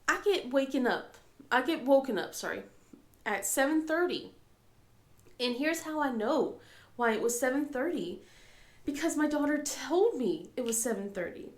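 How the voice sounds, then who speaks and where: A woman's voice: fairly high pitch, roomy sound. A woman with a cold and a scratchy throat, chatting casually as a crafting vlogger, rambling with lots of ums and laughing often. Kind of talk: casual chat.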